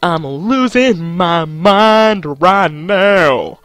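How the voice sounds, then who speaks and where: High-voiced man cursing at a golf game. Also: sing-song, drawn-out words, few pauses, a bit bright, dry recording, faint music behind. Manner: swearing, joking to himself. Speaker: gaming channel host. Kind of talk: solo gameplay commentary.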